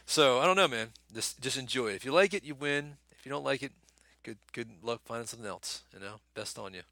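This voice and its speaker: A man's voice: mid-range voice, lively intonation, brisk, sharp tone, dry recording. A man in casual chat, laid-back, laughing easily and often saying "man" and "you know".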